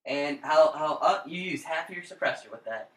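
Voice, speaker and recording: A man's voice: on the high side, lively intonation, moderate pace. A young man co-hosting a casual gaming podcast, teasing and daring his friend with lots of swearing. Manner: taunting, profane, keeps daring his friend. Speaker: podcast co-host. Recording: roomy echo.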